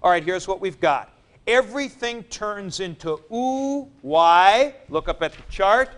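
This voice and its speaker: A man teaching a Greek grammar lesson in a classroom, spelling out word forms deliberately, syllable by syllable. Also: sits high, animated, fairly bright tone. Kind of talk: classroom lecture.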